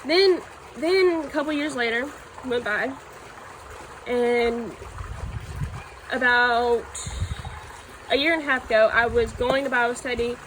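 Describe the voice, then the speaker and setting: Woman, fairly high voice, earnest, halting, personal testimony, faint trickle of water behind. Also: a bit bright, slight background noise, poor audio. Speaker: church youth member giving testimony.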